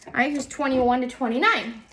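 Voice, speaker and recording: A woman's voice: high-pitched, fairly quick, fairly bright tone. A woman teaching a music lesson step by step, patiently counting and naming the notes aloud.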